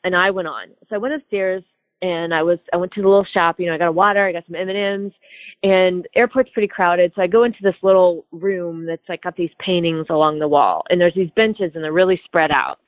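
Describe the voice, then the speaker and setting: A woman's voice: fairly low pitch, fairly even intonation, fairly quick, no room sound. Heated woman telling a story. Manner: chatty, heated, lots of "like" and "right?". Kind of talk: casual storytelling. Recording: dull lo-fi dry recording.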